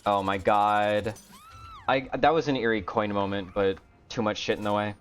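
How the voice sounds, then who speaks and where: A man streaming a game, talking to himself in a low-energy, grumbling way and swearing often. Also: steady tone, moderate pace, clear, resonant tone. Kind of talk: casual gameplay commentary. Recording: dull lo-fi stream audio.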